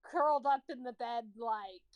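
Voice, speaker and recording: A woman's voice: on the high side, moderate pace, clear, resonant tone, dry recording, muffled recording. A woman playing a cat character in a tabletop game, in a playful manner. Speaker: player.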